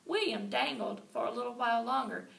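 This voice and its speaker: A woman reading a children's book aloud with lively, expressive storytelling. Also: on the high side, fairly quick, vocal fry. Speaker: reader. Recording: roomy and distant, faint ambience.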